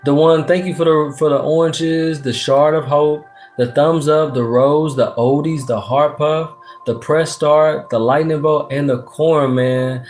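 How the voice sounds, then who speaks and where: A man from Texas, casually chatting on a livestream as a tarot reader. He reads comments aloud, uses slang, swears freely and gives a lot of shout-outs. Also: on the high side, fairly even intonation, unhurried, faint music behind.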